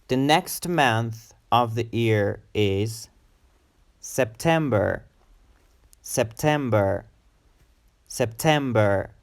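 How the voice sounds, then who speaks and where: A male English teacher leads a pronunciation drill and talks at a slow, unhurried pace. His voice sits in a middle register. He says each word several times in a row for the learner to repeat. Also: medium pitch. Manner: slow, drilling words with repetition. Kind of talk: pronunciation lesson.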